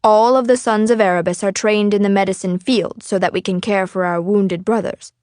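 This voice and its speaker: Woman voicing a measured, formal warrior man for a storybook read, dry close sound. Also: mid-range voice, fairly even intonation, darkish tone, no echo, natural voice. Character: stern male warrior, formal and gentle.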